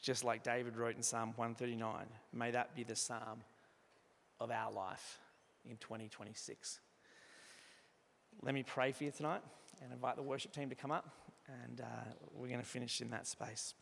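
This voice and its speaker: A man preaching an evening church sermon, earnest, moving from emphatic passages to hushed, soft ones. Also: mid-range voice, flat delivery, moderate pace, vocal fry, slight background noise. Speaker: pastor. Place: church hall. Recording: reverberant hall sound.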